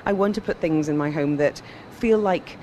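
A woman hosting a live radio chat outdoors at a design event. She is lively and enthusiastic and laughs easily. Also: low voice, normal speed, slight background noise. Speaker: radio host.

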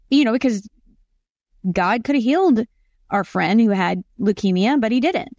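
A woman's voice: a little high, animated, fairly quick, darkish tone, no room sound, clean studio sound. Earnest middle-aged woman podcast host. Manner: earnest, affirming, frequent mm-hmms. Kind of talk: casual Christian podcast interview.

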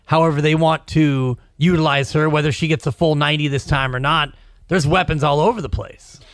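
A man's voice: on the high side, steady tone, a little fast, dry recording. A man hosting a sports talk show, chatting casually and reading quotes aloud with dry asides.

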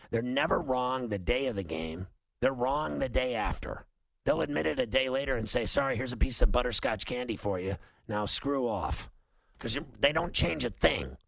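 A man's voice: medium pitch, vocal fry, a bit bright, no room sound. A man hosting a sports talk show, ranting heatedly and repeating himself. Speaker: host. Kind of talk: opinionated sports talk monologue.

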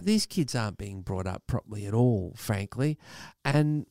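A man's voice: lowish voice, normal speed, creaky, few pauses, dry recording. Middle-aged aussie guy grumbling away for laughs on a podcast, voice jumps all over, dry close sound. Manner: mock-grumpy, animated storytelling. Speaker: podcast co-host. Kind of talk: casual comedic chat.

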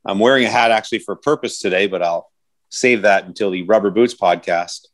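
A man's voice: fairly low pitch, a little fast, a bit bright. Joking, rambling podcast host man. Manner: rambling, self-correcting, jokey. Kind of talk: casual chat.

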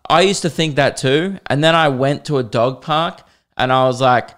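Sarcastic, foul-mouthed comic podcast host. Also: male voice, medium pitch, moderate pace, fairly bright tone. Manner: crude, sarcastic ranting with frequent swearing. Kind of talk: comedic solo podcast monologue.

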